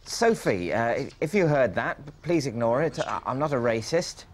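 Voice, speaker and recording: Sitcom: a nervous, stammering office guy, mid-pitched. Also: sing-song, moderate pace. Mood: flustered. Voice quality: hesitant, stammering. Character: anxious awkward young man, stammering. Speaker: office worker. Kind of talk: sitcom acting.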